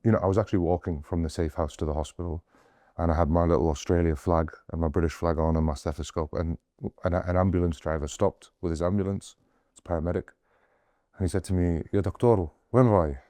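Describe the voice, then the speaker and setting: A man's voice: low-pitched, steady tone, quick pace, mellow, no echo, studio quality. A young man, a doctor, earnestly telling stories of his mission in an interview, often retelling scenes with quoted dialogue. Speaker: doctor guest on a humanitarian mission.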